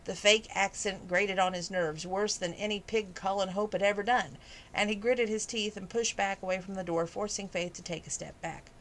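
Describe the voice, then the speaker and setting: A woman's voice: mid-range voice, fairly even intonation, moderate pace, slight background noise. A woman reading a romance novel aloud as a hobby, with casual asides and laughs between passages. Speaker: amateur audiobook reader.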